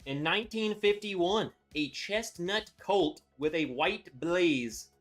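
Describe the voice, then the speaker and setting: A man's voice: sits high, lively intonation, slow, soft background music. A man hosting a casual live stream, chatty and upbeat, greeting viewers by name as he talks. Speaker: livestream host reviewing whiskey.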